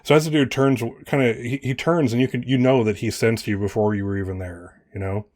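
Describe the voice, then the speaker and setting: A man's voice: medium pitch, steady tone, brisk, a little mellow, no room sound, studio quality. A man narrating as game master, rambling and correcting himself as he describes scenes.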